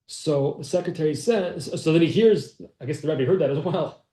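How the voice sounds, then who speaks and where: A man's voice: fairly high pitch, moderate pace, mellow. Man teaching a class in an echoey room. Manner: storytelling, acts out quoted speech. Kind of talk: telling a story in a class.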